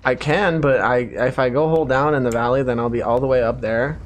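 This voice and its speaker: A man's voice: medium pitch, fairly even intonation, a little fast. A man streaming a tank game, chatting casually with a wry, self-deprecating grumble. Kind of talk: casual gaming chat. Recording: faint background noise.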